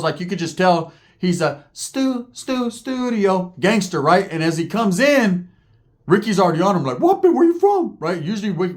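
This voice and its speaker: Vlogger, male, fairly high voice, slangy profane storyteller who keeps checking in with the listener. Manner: animated, slangy, cursing, asks the listener for agreement.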